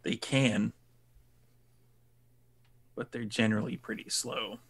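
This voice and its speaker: A man playing his character in a tabletop role-play, gruff, laid-back and sarcastic. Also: fairly low pitch, fairly even intonation, slow, fairly bright tone. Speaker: player.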